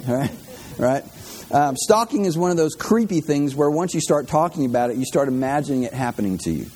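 A man's voice: mid-range voice, lively intonation, normal speed, warm tone, a little hiss or hum. A man delivering a casual, conversational sermon with self-deprecating jokes and emotional, heartfelt moments. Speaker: pastor.

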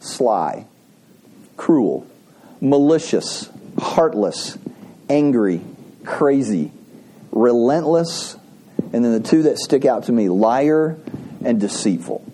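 A man's voice: medium pitch, lively intonation, slow, pauses often, warm tone, husky. A man preaching a sermon, telling a folksy joke and asking the congregation questions. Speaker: pastor.

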